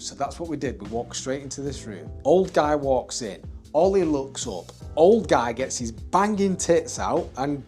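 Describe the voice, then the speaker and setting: A man tells a story in a casual, conversational way, checking in with the listener and laughing along as he goes. His voice sits at an ordinary middle pitch. Faint music plays underneath. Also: unhurried. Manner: lively, laughing, conversational with tag questions. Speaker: tattoo studio owner.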